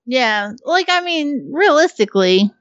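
A woman's voice: high voice, big pitch swings, unhurried, a bit bright, no room sound, muffled recording. A woman co-hosting a podcast in casual chat, talking frankly, swearing now and then, and laughing easily. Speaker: podcast co-host.

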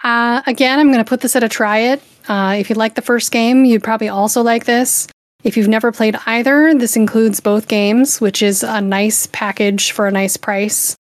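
A woman's voice: a little high, fairly even intonation, normal speed, no room sound. A woman casually reviewing a game on a podcast, easygoing and hesitant, with frequent um and uh.

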